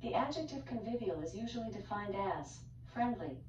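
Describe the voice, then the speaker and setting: A machine-made female assistant voice with a mid-height pitch, reading definitions in an even, clipped way. It plays from a speaker across the room, so it sounds distant and echoey. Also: moderate pace, dull audio, slight background noise. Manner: even, clipped, dictionary-like phrasing. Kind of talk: synthetic assistant reply.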